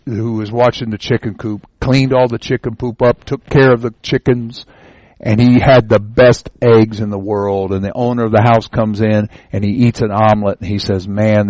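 A man's voice: on the low side, darkish tone, no echo, poor audio. A man teaching an informal Bible lesson, telling the parable as a folksy, homespun story and often repeating words as he goes.

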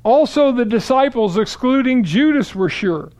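A man giving a steady, explanatory Bible teaching, walking through verses and quoting scripture aloud. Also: extremely high pitch, moderate pace.

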